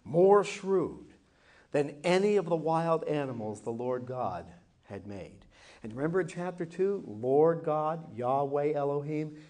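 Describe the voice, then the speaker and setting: A man teaching a Bible lesson, telling the scripture like a story. His voice swoops up and down with animation, and he takes his time, slowing further to dramatize the quoted lines. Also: on the high side, a little mellow. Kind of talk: Bible class lesson with acted scripture reading.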